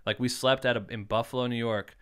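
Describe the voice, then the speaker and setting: A man's voice: mid-range voice, steady tone, fast, a bit bright, smooth. A man in his thirties from Iowa, a podcast guest telling rambling, swear-filled stories in casual chat. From Iowa, United States. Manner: swears freely, rambling anecdotes full of likes. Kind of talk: casual storytelling.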